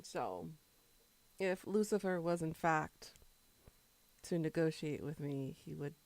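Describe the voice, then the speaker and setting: A woman's voice: low voice, lively intonation, slow pace, a little mellow, dry recording. A woman streamer chatting casually with her viewers, rambling between topics and answering chat while she eats.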